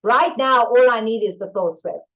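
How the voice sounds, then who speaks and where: A woman whose voice sits on the high side teaches leadership live online at a moderate pace, with lo-fi sound. She voices viewers' chat replies and brings short workplace scenarios to life, playing the staff parts with energy.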